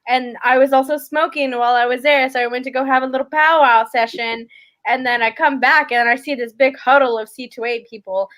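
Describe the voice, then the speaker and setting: A young woman co-hosting a podcast, telling stories in a casual, animated way with lots of laughter. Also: sits high, brisk. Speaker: podcast co-host. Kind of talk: casual chat.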